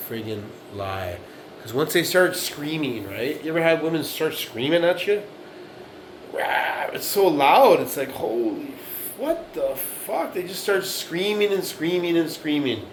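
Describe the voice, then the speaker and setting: Speaking to camera with a slightly high voice, a man in his late forties vlogs a blunt, profane monologue. He repeats himself and keeps asking "right?", and the poor recording carries slight background noise.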